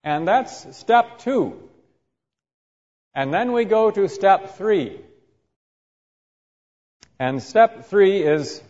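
A man teaching a sermon who reads scripture aloud and then explains it, slowly and deliberately, acting out quoted insults vividly. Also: high voice, sing-song, darkish tone. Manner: slow and deliberate. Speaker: Bible teacher. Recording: muffled, reverberant hall recording.

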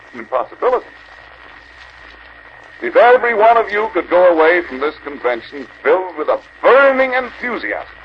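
Older male preacher, fervent exhortation, lively pitch, muffled archival tape. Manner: earnest exhorting, rhetorical questions. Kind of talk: convention sermon. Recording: dull archival recording with faint hiss.

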